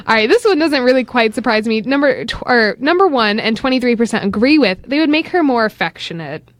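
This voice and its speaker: A woman's voice: on the high side, expressive, fairly quick, no room sound. A young woman hosting a college radio morning show, chatting and reading out survey results. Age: young adult. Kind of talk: casual studio chat. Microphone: studio microphone.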